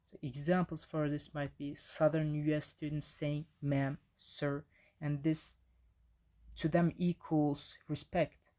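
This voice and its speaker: A man's voice: fairly high pitch, flat delivery, takes it slowly, darkish tone. A man giving a casual slide presentation on language in the classroom, with frequent restarts and fillers.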